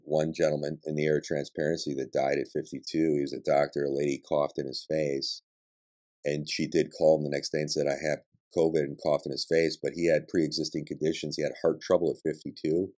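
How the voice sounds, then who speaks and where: A man's voice: a bass voice, little pitch movement, brisk, a little mellow. A man hosting a podcast, delivering a combative political monologue with blunt, emphatic ranting and profanity. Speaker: podcast host.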